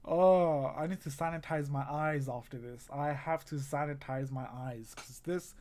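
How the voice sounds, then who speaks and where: A man's voice: fairly high pitch, normal speed, darkish tone. A man hosting a live football watchalong stream, groaning and ranting at the game and talking straight to his chat viewers. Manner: exasperated, groaning and ranting at the match; talks to chat viewers directly. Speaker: livestream host.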